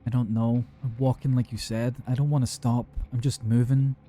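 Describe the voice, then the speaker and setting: A man's voice: mid-range voice, flat delivery, moderate pace, dark tone, natural voice. A man voicing a frightened young woman who talks to an emergency line in panicked, broken phrases while fleeing someone, read out for a horror story.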